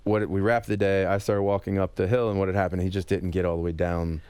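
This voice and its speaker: Smooth-voiced man telling wild stories. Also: low voice, fast, no room sound. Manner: animated, laughing, crude anecdotes. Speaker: actor guest. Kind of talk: casual interview storytelling. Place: radio studio.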